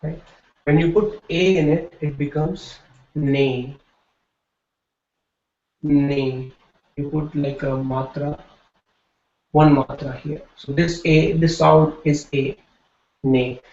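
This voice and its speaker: A man's voice: on the high side, fairly even intonation, slow, a little mellow. A man teaching a classroom lecture, explaining patiently and often checking in with "right?". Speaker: Hindi teacher. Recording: echoey room, dull lo-fi sound.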